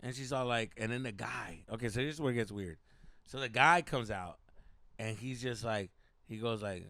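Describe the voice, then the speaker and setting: A man hosting a podcast, telling stories casually, animated and profane, slipping into Spanish slang. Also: medium pitch, quick pace, dry recording. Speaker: podcast host. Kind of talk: casual storytelling.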